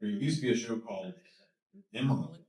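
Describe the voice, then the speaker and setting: A man as a guest speaker at a talk, telling a story with lots of energy, laughing and repeating words as he gets excited. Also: medium pitch, brisk. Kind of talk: animated storytelling in a Q&A. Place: lecture hall. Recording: echoey hall, mic from a distance.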